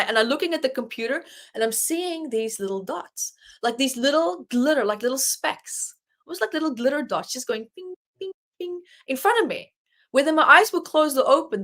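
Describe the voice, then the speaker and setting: A woman's voice: fairly high pitch, fairly bright tone. A woman guest, an author and life coach, earnestly telling a personal story in an interview and acting out her own inner dialogue.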